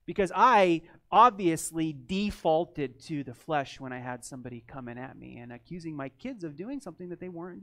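A man's voice: sits high, fairly bright tone. Man as pastor, earnest conversational sermon, personal storytelling, repeats his words.

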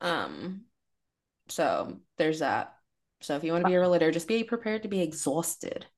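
A young woman co-hosts a laid-back podcast with a somewhat low voice. She talks casually, drops slang and adds tired-sounding asides. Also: lively intonation, normal speed, a little mellow. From Virginia, US. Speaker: podcast co-host. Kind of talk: casual chat.

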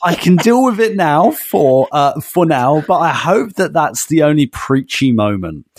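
A man's voice: a little high, sing-song, measured pace, no room sound. Chatty man, dry close sound. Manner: chatty, laughs often, says "mate". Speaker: podcast co-host. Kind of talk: casual chat.

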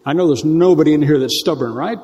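A man's voice: on the high side, fast, dark tone, in a large hall. A man preaching a sermon in a church, talking conversationally with teasing asides and stretching key words for emphasis. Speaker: pastor.

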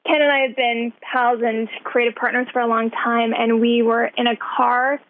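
A woman's voice: on the high side, little pitch movement, moderate pace. A woman co-creator of a show, interviewed over a landline, explaining thoughtfully how the idea came about. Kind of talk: phone interview. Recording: tinny landline phone call.

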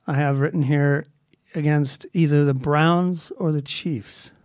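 A man's voice: a little high, fairly even intonation, measured pace, darkish tone, no room sound, studio quality. A man co-hosting a casual sports chat, hesitant and indecisive, with a wry sense of humor. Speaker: podcast co-host.

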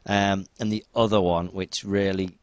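Low-voiced man, rambling games chat. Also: a little slow, dry recording. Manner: rambling, excitable, many restarts. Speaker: podcast co-host. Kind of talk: casual chat.

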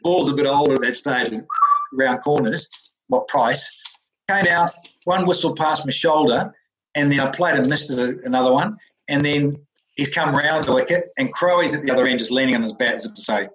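A former cricketer from New Zealand with a New Zealand accent, telling animated stories as an interview guest, laughing often and acting out the voices of others. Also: male voice, medium pitch, moderate pace, a little hiss or hum, poor audio. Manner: lively, laughs often, acts out quoted voices. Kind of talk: animated storytelling.

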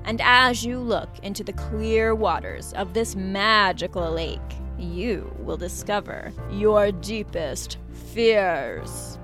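A woman voicing a giant magical golden fish, speaking slowly and grandly in a loud, booming voice, in a storybook reading. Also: soft background music.

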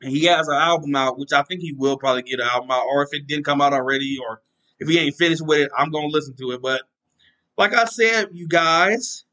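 A man's voice: a little high, quick pace, sharp tone, poor audio. A man hosting his own podcast, talking casually and rambling, often repeating himself and joking about himself. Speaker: podcast host. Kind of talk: casual solo sports talk.

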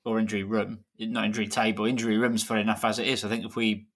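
A man's voice: on the low side, flat delivery, fast talker, fairly bright tone. A man co-hosting a podcast, talking casually with dry, self-mocking humour. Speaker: podcast co-host.

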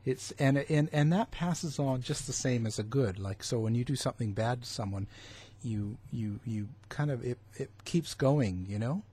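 A man's voice: mid-range voice, moderate pace, few pauses, dark tone, breathy edge. A man hosting a casual chat, speaking hesitantly with many fillers. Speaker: host.

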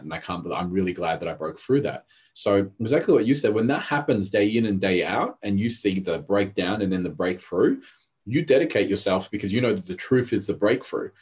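A man with a very low, husky voice who talks quickly and intensely. He tells stories in a casual podcast chat and acts out the people in them. His delivery is driven and animated. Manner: intense, storytelling, acts out quotes. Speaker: therapist and coach.

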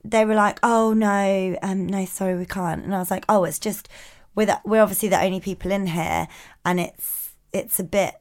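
A woman co-hosting a podcast, telling a story in casual chat, animated and swearing a lot. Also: medium pitch, moderate pace. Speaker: podcast co-host.

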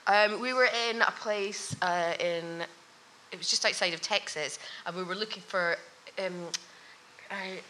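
A woman's voice: lowish voice, measured pace, poor audio. Laughing woman telling stories. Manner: animated storyteller, laughs often. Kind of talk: casual chat. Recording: noticeable background noise.

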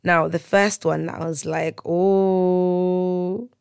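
A podcast host telling funny childhood stories in an animated way, often laughing and playing up the drama. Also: medium pitch, measured pace, no room sound, studio quality. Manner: animated, laughing, comic exaggeration. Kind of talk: solo storytelling chat. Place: hotel room.

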